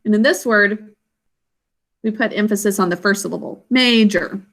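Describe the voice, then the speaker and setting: Bright-voiced woman teacher, patient. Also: medium pitch, fairly even intonation, moderate pace, creaky. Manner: patient, encouraging; explains step by step. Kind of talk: classroom instruction.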